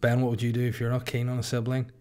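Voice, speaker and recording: A man's voice: medium pitch, completely flat delivery, quick pace, warm tone. A Northern Irish man in his thirties, hosting a podcast in a casual, jokey, sweary storytelling chat. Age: 30s. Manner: rambling, sweary, jokey asides to his co-host. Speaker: podcast host.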